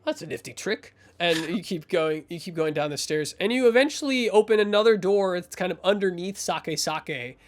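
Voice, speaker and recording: A man narrating as game master in a rambling way, full of fillers and restarts. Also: sits high.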